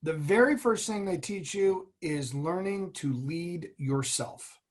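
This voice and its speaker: A man's voice: fairly high pitch, expressive, slow. A middle-aged man, a guest in an interview, speaking in an earnest, motivational way as he tells stories about leadership. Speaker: guest, former military officer and executive. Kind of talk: interview conversation.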